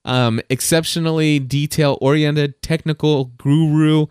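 A man's voice: fairly high pitch, measured pace, clear, resonant tone, no room sound, studio quality. A man hosting a podcast alone, telling a story in a rambling, enthusiastic way with many restarts and repeated words. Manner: enthusiastic, animated when telling stories. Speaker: podcast host. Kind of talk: casual solo podcast monologue.

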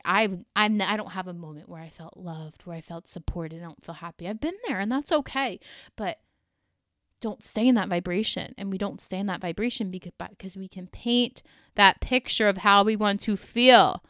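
A woman's voice: medium pitch, fairly bright tone, dry recording, studio quality. A woman hosting a solo podcast episode, speaking to listeners in an earnest, emotional, encouraging way. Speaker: podcast host and energy coach.

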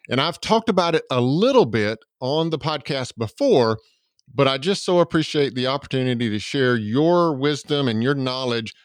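A man from Georgia with a Southern US accent hosts a podcast interview in a mid-range voice, recorded dry with studio quality. He's enthusiastic and promotional, using lots of fillers.

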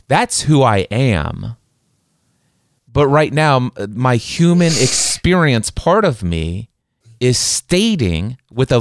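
A man's voice: medium pitch, no room sound. Earnest guy talking self-help, repeats himself a lot, dry close sound. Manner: earnest, repeats words and acts out his inner voice. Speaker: guest. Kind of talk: reflective self-help talk.

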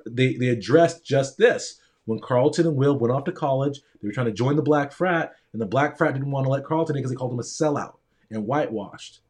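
A man's voice: mid-range voice, darkish tone. Earnest storytelling man, emphatic. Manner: earnest, emphatic, repeats phrases for stress. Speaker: doctor. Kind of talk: candid storytelling monologue.

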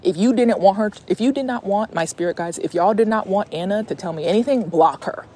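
A young woman podcast host speaks fairly quickly in a mid-range, slightly rough voice. She's walking outdoors, animatedly telling a personal story in a casual way, swearing freely and repeatedly restarting her sentences.

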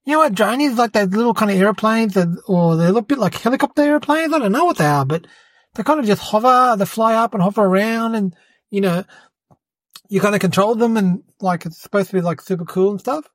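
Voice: mid-range voice, animated, a little fast, no echo, close to an everyday voice. An adult voicing a cheeky young boy who hosts his own podcast, rambling and fibbing, often calling people "mate". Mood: boastful. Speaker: podcast host. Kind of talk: comedic character monologue.

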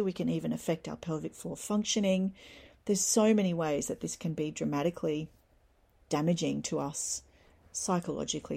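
Woman host, solo motivational talk, husky gravel, warm dark timbre. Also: on the low side. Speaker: podcast host.

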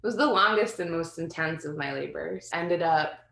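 A woman in her thirties tells a personal story, candid and meandering, full of fillers and restarts. Her voice sits a little low. The room gives the recording a noticeable echo. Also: moderate pace, creaky, fairly bright tone. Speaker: guest sharing a birth story. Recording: roomy echo.

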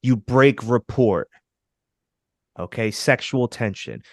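A man's voice: mid-range voice, slow. A man with a mid-range voice gives dating advice on a podcast with emphatic, coaching energy. He often calls his listeners fellas. The sound is dry and close, with no room echo. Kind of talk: casual podcast chat.

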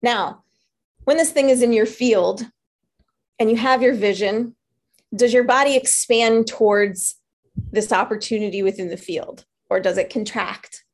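Female motivational coach, pitched a little high, earnest and animated. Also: a little slow. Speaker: life coach. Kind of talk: motivational talk.

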